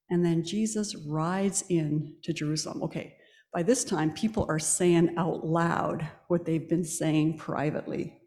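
A woman preaching a sermon in a church, telling the story in a lively way and quizzing the congregation. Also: lowish voice. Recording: echoey church hall.

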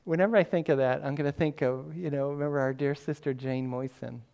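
An older man, a pastor, giving a sermon in a relaxed, conversational storytelling way with self-deprecating humor. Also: fairly high pitch, brisk, creaky.

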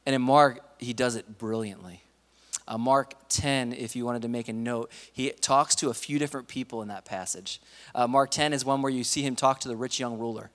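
A man's voice: mid-range voice, normal speed, fairly bright tone. A man preaching a sermon in a casual, conversational way, acting out the stories he retells. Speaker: pastor. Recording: long reverb of a large hall.

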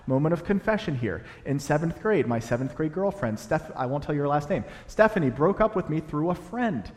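A young adult man preaching a sermon in a church, animated, building to emphatic peaks as he explains a passage. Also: a little high, a little fast. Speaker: pastor. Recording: long hall reverb.

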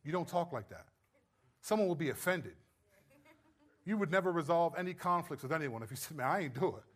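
A man preaching a sermon and teaching from scripture, lively and humorous, acting out imagined dialogue. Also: on the high side, fairly quick. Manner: animated, acts out quoted voices with humor.

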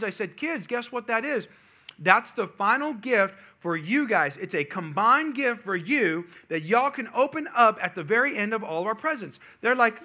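Pastor, man, middle-aged, high bright voice, animated sermon storyteller. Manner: animated storytelling, builds to loud emphatic peaks.

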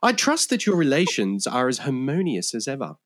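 Man doing a prim, posh English gent; wildly swooping pitch, flowery wording. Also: wildly swooping pitch, a little fast, a little hiss or hum. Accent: put-on posh English. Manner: formal, flowery phrasing. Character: prim, pompous English gentleman.

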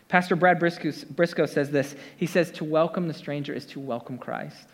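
A man's voice: on the high side, fairly quick. Man preaching, conversational, filler-heavy, asides to congregation, reverberant church hall. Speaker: pastor. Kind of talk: casual sermon.

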